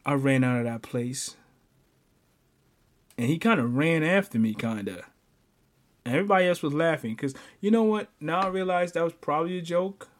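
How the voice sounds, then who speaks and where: A man hosting a podcast, telling a personal story in casual chat, animated, often stammering and breaking into laughter. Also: on the high side, normal speed, pauses often. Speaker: podcast host.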